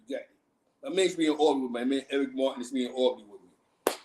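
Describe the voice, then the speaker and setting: A man from Harlem, New York hosts a livestream and tells street stories in slangy, animated talk, laughing often. His voice sits at medium pitch and moves fairly quickly over a noisy background.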